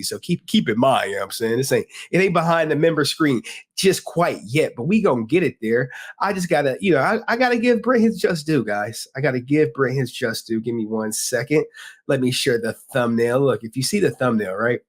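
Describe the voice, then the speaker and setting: Slangy, joking livestream host, a man. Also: medium pitch. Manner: loose, joking, talks straight to chat with slang. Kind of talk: casual livestream chat.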